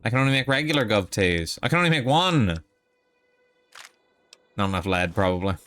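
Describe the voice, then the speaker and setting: A man's voice: fairly low pitch, very animated, moderate pace, fairly bright tone, faint music behind. A young man streaming a game live, talking in a casual, rambling and profane way.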